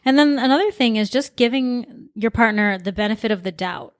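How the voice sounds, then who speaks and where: A woman's voice: a little high, a little fast, dry recording, clean studio sound. A woman co-hosting a relationship podcast, speaking in a caring, conversational way. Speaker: podcast co-host. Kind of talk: casual advice talk.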